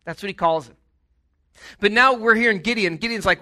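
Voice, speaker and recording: A man giving a casual, jokey sermon, retelling a story with animated asides and acted-out voices. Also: high voice, a little fast. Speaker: preacher.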